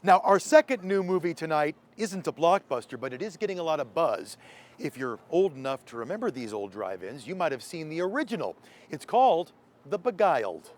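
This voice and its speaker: A man's voice: on the high side, big pitch swings, a little fast. A man hosting an entertainment show, presenting in an upbeat, showy scripted style. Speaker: host.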